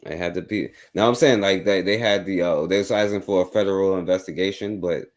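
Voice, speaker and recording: A man's voice: low voice, steady tone, fairly quick. A man hosting a talk radio show, laid-back, agreeing with his guest and greeting the live chat. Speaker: host.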